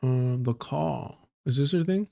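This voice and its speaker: A man's voice: medium pitch, measured pace, vocal fry, mellow. A man hosting a live stream, telling a story in a casual, joking way with a lot of slang and swearing.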